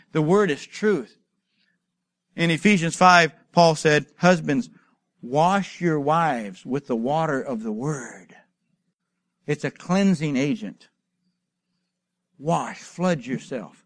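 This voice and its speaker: Recorded dry and close, a pastor with a fairly high voice preaches a sermon. He builds from quiet storytelling to emphatic, rising exhortation, scattering rhetorical questions and acted-out asides along the way.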